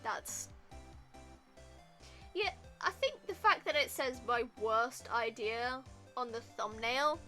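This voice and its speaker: A woman's voice: on the high side, animated, slow pace, long pauses, sharp tone, soft background music. A young woman streamer chatting casually and rambling with lots of fillers while playing a game. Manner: rambling, filler-heavy, giggly. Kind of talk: casual gameplay chat.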